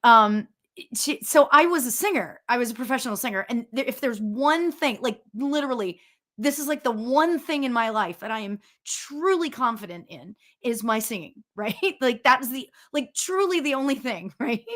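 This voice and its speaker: This is a woman in her fifties with a notably high voice, chatting casually as the host of a spiritual show. She tells stories with animated energy and breaks into laughter often, heard over a video call. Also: moderate pace.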